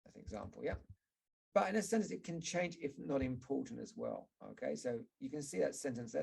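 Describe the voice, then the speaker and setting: A man with a gravelly, slightly husky voice explains word stress as an English teacher. He talks in a measured, step-by-step way, pausing to model example words. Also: mid-range voice, animated, a little mellow. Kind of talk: explanatory teaching talk over slides.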